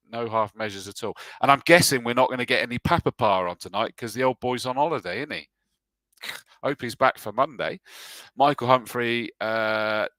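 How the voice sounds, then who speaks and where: A man's voice: medium pitch, pushed and bright, no echo. A man hosting a casual live stream, reading out viewer messages and greeting each one as mate in a chatty, jokey way. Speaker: host.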